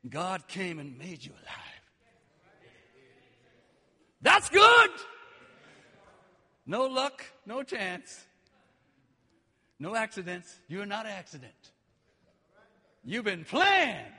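A man preaching a sermon with passion, dropping low and then rising to shouts. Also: wildly swooping pitch, extremely slow, long pauses, slightly rough, big-room sound. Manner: impassioned, swings between quiet and shouting.

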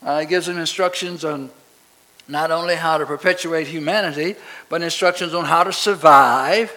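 A man preaches a sermon in a slightly high, sharp-toned voice at normal speed, on a rough recording. He often asks the congregation to finish his sentences in call-and-response fashion, building to emphatic declarations.

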